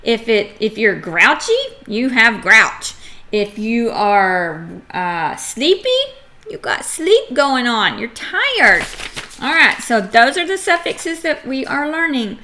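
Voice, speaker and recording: Brief: middle-aged woman teacher, slow and clear phonics drill, playful, bright tone. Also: on the high side, slight background noise. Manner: clear, slow sounding-out of letters and words; animated and playful, acts out examples. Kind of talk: phonics lesson for young children.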